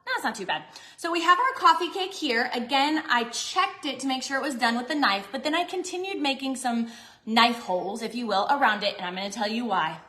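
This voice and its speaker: A woman's voice: a little high, brisk, pushed and bright, echoey room. A chatty woman, hosting a cooking stream from her home kitchen and talking to viewers as she bakes. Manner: bubbly, chatty, talks to viewers. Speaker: cooking vlogger.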